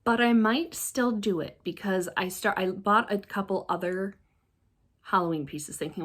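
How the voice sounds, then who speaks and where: A woman chatting casually as a crafting vlogger, excitable and rambling, often trailing off and restarting. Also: medium pitch, normal speed. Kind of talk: casual show-and-tell chat.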